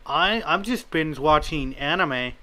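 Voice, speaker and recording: A young man of nineteen hosts a casual interview over a voice call, his voice sitting a touch high and sounding bright and forward. He hesitates and restarts often while asking questions. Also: animated, unhurried. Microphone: computer mic on a voice call.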